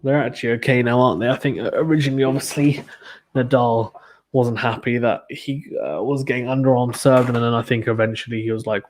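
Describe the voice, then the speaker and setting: A man's voice: mid-range voice, steady tone, moderate pace, darkish tone. Chatty British man hosting a live stream. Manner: chatty, reads viewer comments aloud. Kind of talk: casual live watchalong commentary.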